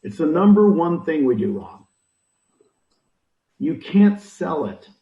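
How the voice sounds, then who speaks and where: A real estate recruiting mentor, interviewed, gives punchy, animated advice full of rhetorical questions. His voice is fairly high and sing-song, delivered at a slow pace. The recording sounds echoey, distant, and dull.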